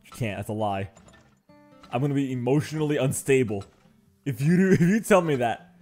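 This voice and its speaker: A man chatting his way through a game, joking and acting mock-angry at his in-game workers. His voice sits at an ordinary pitch, and faint guitar music plays underneath. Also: expressive, brisk, mellow. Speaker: gaming channel host. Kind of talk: casual let's-play commentary.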